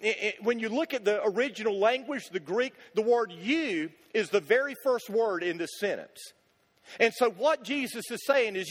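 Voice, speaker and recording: A man's voice: high-pitched, animated, normal speed, fairly bright tone. A male pastor preaching a sermon, emphatic, driving points home with rhetorical questions and repetition. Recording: long hall reverb.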